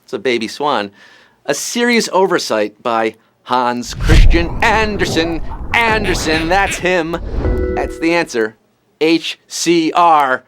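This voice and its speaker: Male quizmaster with a high voice and a stream of puns, over soft music. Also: lively intonation. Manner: punny, jokey, fast-talking quizmaster. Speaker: quiz show host. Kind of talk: live trivia show hosting.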